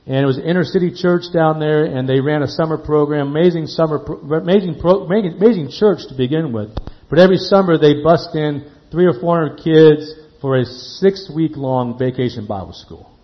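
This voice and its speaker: A man preaching a sermon, slowing down and dropping to a quiet hush on key words, then lifting his voice again. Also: a little high. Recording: dull lo-fi sound.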